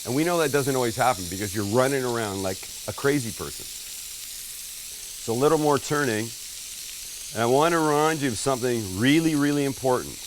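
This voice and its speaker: A man's voice: medium pitch, animated, normal speed, background noise. A middle-aged man hosting a casual cooking demonstration, chatty and joking as he talks the viewer through each step. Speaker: cooking show host. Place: outdoor kitchen at a flat-top grill. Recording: voice a little far from the mic, faint sizzle. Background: sizzling food on the grill.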